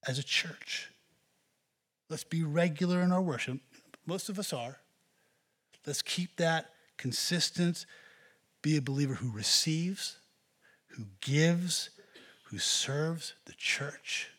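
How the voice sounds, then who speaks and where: Husky-voiced man preaching. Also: a little high, slow pace, pauses often, a bit bright. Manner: earnest, exhorting the congregation. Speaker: pastor. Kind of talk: sermon.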